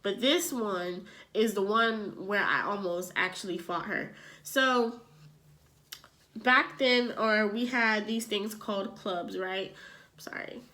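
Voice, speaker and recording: A young adult woman vlogger telling a personal story in casual chat, animated and filling her talk with "like". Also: medium pitch, slow pace. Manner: chatty, animated, fills with "like".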